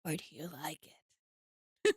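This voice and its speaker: A woman's voice: measured pace, no echo, clean studio sound. Giggly teasing woman streamer. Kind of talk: casual stream chat.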